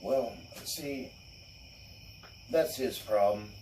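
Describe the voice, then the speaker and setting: A man's voice: mid-range voice, extremely slow, recorded from a distance, background noise. A man hosting a casual podcast chat, ranting bluntly and profanely. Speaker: show host.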